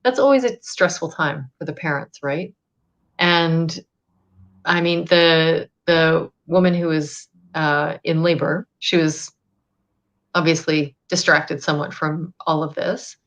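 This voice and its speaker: A woman doula in casual chat, telling a story quickly and correcting herself as she goes. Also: sits low.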